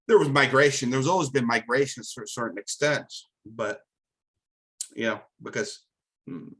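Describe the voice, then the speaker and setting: A man's voice: mid-range voice, moderate pace, a bit bright, rough recording. A man from America hosting a live commentary monologue, emphatic and preachy, often tossing in "right?". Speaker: host.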